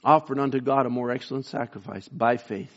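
A man preaching a sermon, swinging from fervent, raised emphasis down to low, slow and quiet passages. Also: highs cut off.

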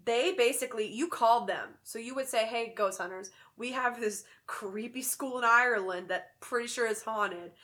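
A woman's voice: a little high, moderate pace, few pauses, pushed and bright. A woman co-hosting a podcast, talking in an emphatic, opinionated, jokey way in casual chat. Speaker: podcast co-host.

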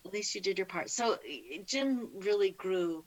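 A woman's voice: medium pitch, animated, normal speed, low-quality recording. Middle-aged woman telling her faith story as a guest, heartfelt, keeps restarting, mid-range voice. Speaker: interview guest. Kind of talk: personal faith testimony.

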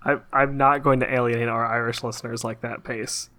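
Bright, wry male co-host. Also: medium pitch, level tone, brisk, dry recording. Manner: wry, teasing, laughs. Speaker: podcast co-host. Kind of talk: casual podcast banter.

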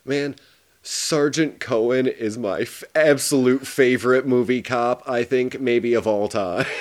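Man, casual movie review chat, animated, laughs a lot, swears freely, medium pitch. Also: takes it slowly. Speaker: podcast co-host.

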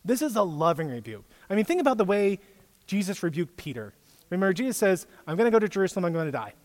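A man's voice: sits high, very animated, fast talker, long reverb tail. A man giving a casual sermon as a youth pastor, chatty, quizzing his listeners with questions. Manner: conversational, quizzes the audience. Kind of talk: casual preaching.

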